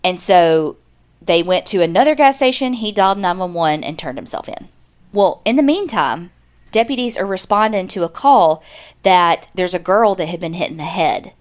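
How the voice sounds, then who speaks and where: Her lowish voice is expressive and moves at a moderate pace as she casually walks through a true-crime case on the podcast she co-hosts. Quoted dialogue and side comments pepper the retelling.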